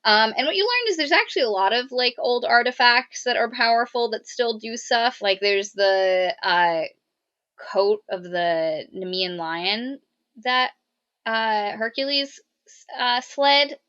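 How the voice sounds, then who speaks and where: Bright-voiced woman on a muffled mic. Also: fairly high pitch, lively intonation, measured pace, clean tone. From Cypriot family. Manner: chatty, rambling with many fillers and restarts. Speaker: podcast co-host. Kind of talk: casual book review chat.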